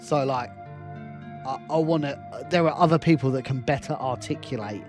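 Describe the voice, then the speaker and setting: Here the fan film director and game streamer, a young man, rambles through casual gameplay commentary, poking fun at himself and laughing a lot. He speaks at normal speed in a mid-range voice over faint background music.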